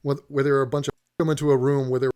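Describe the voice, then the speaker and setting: A man's voice: medium pitch, little pitch movement, very fast, warm tone, clean tone. A man giving a profane, sarcastic comedic rant while reacting to an advert, sounding exasperated and swearing freely.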